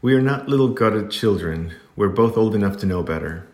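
A deep-voiced man voicing a kind young girl heroine who speaks in a steady, gentle but firm way, in an echoey room. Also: a little fast, lightly acted. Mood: fiery.

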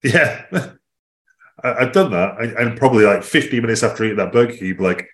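A man, a fitness coach co-hosting a podcast, talking in a casual, animated way. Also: fairly quick. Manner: animated, jumps in pitch for emphasis.

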